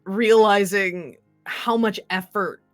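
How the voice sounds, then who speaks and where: A woman's voice: medium pitch, steady tone, slow, soft background music. A woman narrating a tabletop game as game master, rambling with many fillers and restarts.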